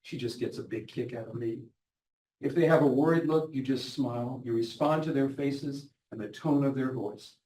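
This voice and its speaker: A man's voice: mid-range voice, moderate pace, warm tone. Middle-aged man lecturing in an echoey hall. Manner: earnest, retells patients' words in their voices. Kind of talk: lecture with quoted patient stories. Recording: echoey hall, mic at a distance, faint noise.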